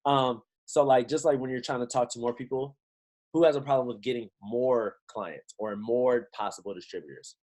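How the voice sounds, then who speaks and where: A man giving a lively pep talk to his team on a video call, full of slang and rhetorical questions. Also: mid-range voice, normal speed, poor audio. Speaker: motivational team trainer.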